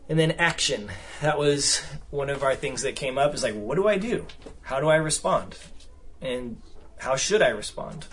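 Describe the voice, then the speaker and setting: A man's voice: medium pitch, expressive, normal speed, a bit bright, slightly rough. A man speaking at a counseling seminar, talking conversationally and often checking in with the room. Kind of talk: seminar talk with audience discussion.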